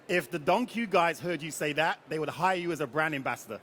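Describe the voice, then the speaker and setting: A man with a high, bright-sitting voice runs a live tasting session on stage, quizzing the crowd and cracking jokes. He talks in a loose, chatty way and keeps the audience involved. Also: brisk, a little hiss or hum. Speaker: rum ambassador leading a tasting.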